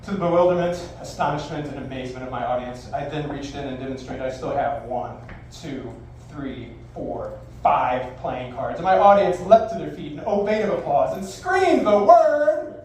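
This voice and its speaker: High-voiced brash stage magician man. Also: expressive, normal speed, darkish tone. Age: 40s. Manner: brash, profane, theatrical showman. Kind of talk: live comedic magic patter. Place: live bar venue stage. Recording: echoey live room, distant mic, faint noise.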